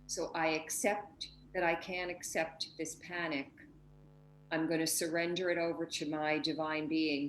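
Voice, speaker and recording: A woman's voice: low-pitched, flat delivery, unhurried, echoey room, a little hiss or hum, poor audio. A woman hosting a heartfelt spiritual conversation over a video call, speaking emotionally and acting out inner voices. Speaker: host.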